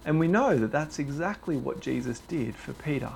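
A young man preaching a sermon, telling the story with animated, dramatized delivery. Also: mid-range voice, moderate pace, gravelly, a little hiss or hum.

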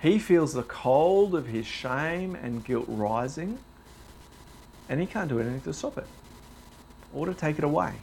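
A young man preaching a sermon, telling the story with animated, dramatized delivery. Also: fairly high pitch, unhurried, gravelly, pauses often, slight background noise.

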